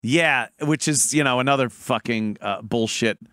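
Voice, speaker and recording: A man hosting a call-in radio show, talking in a profane, animated, mocking way. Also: medium pitch, moderate pace, no echo, clean studio sound. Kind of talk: casual call-in talk.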